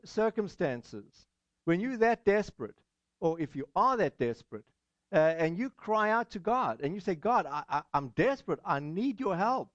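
High-voiced pastor preaching, full of "uh"s. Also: male voice, no echo, lo-fi sound. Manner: measured, many "uh" fillers, encouraging. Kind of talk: sermon.

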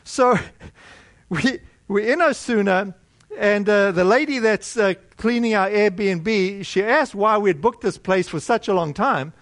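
A middle-aged American man preaching a sermon, telling a personal story in a conversational, animated way with many restarts. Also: sits high, measured pace, no echo.

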